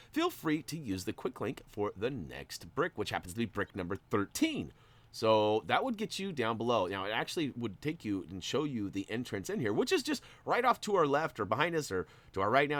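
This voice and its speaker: A man's voice: medium pitch, a bit bright. A man hosting a gameplay walkthrough, talking in a playful, jokey, chatty way. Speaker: gaming channel host.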